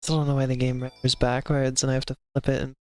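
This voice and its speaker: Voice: medium pitch, level tone, fast talker, no echo. A streamer chatting casually while playing a video game, rambling with lots of filler words and giggling often.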